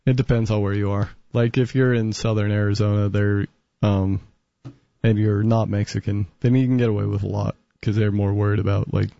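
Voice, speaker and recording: A man's voice: fairly low pitch, level tone, a little fast, gravelly, warm tone, no room sound. A man in a casual chat, easygoing and wry, laughing lightly between remarks. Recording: dull, muffled sound.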